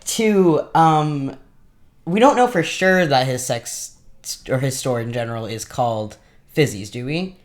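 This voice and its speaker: A woman's voice: extremely low pitch, lively intonation, a little slow. A woman co-hosting a casual fan podcast, chatty and laughing often as she talks. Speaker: podcast co-host.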